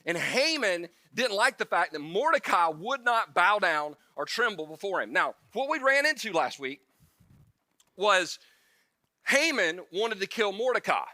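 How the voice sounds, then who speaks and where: A male pastor giving a casual sermon in a conversational, joking way, with quick asides and restarts, acting out the story figures in quick little voices. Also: sits high, very animated, pushed and bright, no echo.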